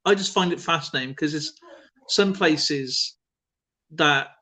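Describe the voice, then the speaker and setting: A man chatting loosely on a live stream, his voice pitched a touch higher than most men's. He rambles, doubles back and fills pauses with ums and you-knows as he talks. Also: bright, forceful tone. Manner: rambling, with many fillers and restarts. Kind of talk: casual chat.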